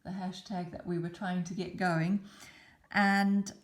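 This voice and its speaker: A woman hosting a beading tutorial, calmly explaining each step as she works. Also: lowish voice, a little slow. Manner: calm, chatty explaining while working. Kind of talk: step-by-step craft demonstration.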